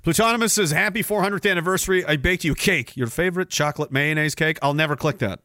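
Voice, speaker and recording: A middle-aged man hosting a livestream podcast, reading chat messages aloud and riffing on them in a profane, mocking way with loud, shouted bits. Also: on the high side, quick pace, no echo, studio quality. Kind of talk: casual profane livestream banter.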